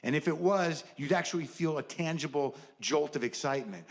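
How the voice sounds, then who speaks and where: A man's voice: on the high side, fairly quick. A middle-aged man doing a stand-up comedy set, riffing in a wry, sardonic, conversational way.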